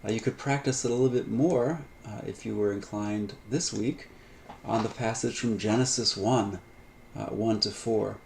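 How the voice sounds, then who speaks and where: A man lecturing on Greek grammar in a relaxed, unscripted way, with many fillers, restarts and light asides. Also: on the low side, moderate pace, gravelly, slight background noise. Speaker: Greek instructor. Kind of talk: recorded lecture.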